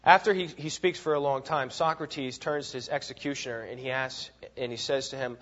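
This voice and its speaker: A man teaching a Bible class, lecturing in an animated, emphatic way, often repeating words and checking in with "right?", on a dull, lo-fi recording. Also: mid-range voice, fairly quick, hardly any pauses.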